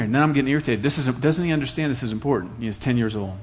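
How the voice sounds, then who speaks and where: A man's voice: mid-range voice, racing. A middle-aged man from Iowa preaching a sermon in an earnest, conversational way, telling stories and repeating phrases for effect. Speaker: pastor.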